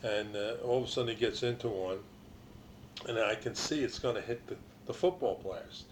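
A man's voice: fairly low pitch, normal speed, slight background noise. An older man, a former ballplayer, telling long anecdotes in a casual interview, with restarts and quoted voices.

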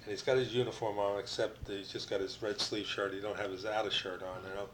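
An older man from New Jersey, a retired baseball pitcher, telling rambling stories as an interview guest, full of restarts and you-knows. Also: little pitch movement, fast talker, slight background noise, low-quality recording.

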